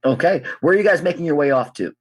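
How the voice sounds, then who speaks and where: A man's voice: on the high side, lively intonation, fast, husky, no echo. A man narrating a tabletop game as game master, rambling with many fillers.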